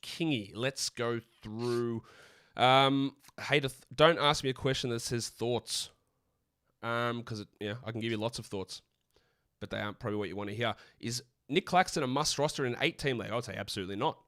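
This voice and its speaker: An Australian man co-hosting a live stream, answering viewer questions in a blunt, opinionated, rapid-fire way. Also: medium pitch, a bit bright, dry recording, clean studio sound. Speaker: podcast co-host.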